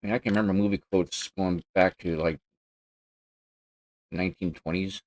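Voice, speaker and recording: A man giving casual live-stream commentary while playing a racing game, chatty and excitable, breaking into loud yelps and curses at crashes, talking from a home gaming setup. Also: deep voice, moderate pace, rough recording.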